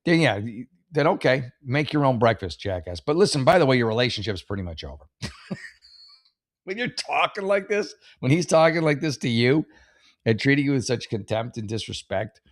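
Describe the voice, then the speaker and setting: A man's voice: medium pitch, lively intonation, brisk, no echo. Rambling, sarcastic man with a dry close sound. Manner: rambling, sarcastic, swears freely, many restarts. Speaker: host reading and reacting to advice posts. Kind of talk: casual comedic commentary.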